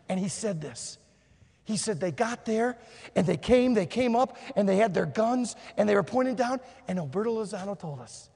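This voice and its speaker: A man preaching a sermon, telling a story and swinging between hushed and shouted delivery. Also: very high voice, very animated, normal speed, vocal fry, breathy edge. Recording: long hall reverb.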